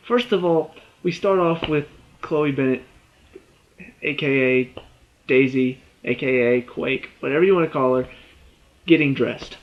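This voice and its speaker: A man reviewing a TV episode in an excited, rambling way, often laughing and restarting words. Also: medium pitch, a little slow, long pauses, muffled recording.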